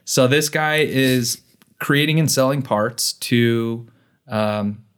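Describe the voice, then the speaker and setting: A man's voice: mid-range voice, slow pace, fairly bright tone, clean tone. Chatty male podcast co-host. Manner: joking, explains with many fillers. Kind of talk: casual chat.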